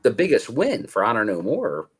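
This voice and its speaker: Husky, animated male podcast co-host. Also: medium pitch, moderate pace. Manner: teasing, playful. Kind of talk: casual wrestling review chat.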